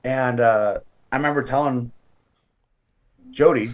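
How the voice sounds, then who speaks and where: A man's voice: mid-range voice, a little slow, lo-fi sound. A man from California, a professional wrestler, telling his story as a guest in a casual interview and acting out the voices of the people in it. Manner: lively storyteller who acts out other people's voices.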